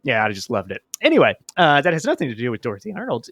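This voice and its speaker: A man hosting a podcast and telling a true story in a casual, animated way. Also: fairly high pitch, fast talker, few pauses, no echo. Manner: animated, plays characters in reenactments. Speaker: podcast host.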